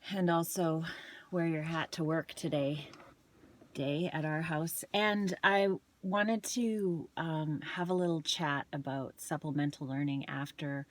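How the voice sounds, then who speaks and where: A woman, a parent and wellness coach, chatting casually and telling a story, with some restarts and ums. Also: sits low. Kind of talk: casual chat to camera.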